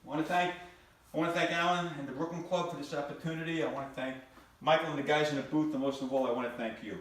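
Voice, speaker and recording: An older man telling stand-up jokes on a club stage, in deadpan storytelling with repeated phrases. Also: a little high, quick pace. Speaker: stand-up comedian. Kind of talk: stand-up comedy routine. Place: comedy club stage before a live audience. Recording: very echoey room from a distant mic.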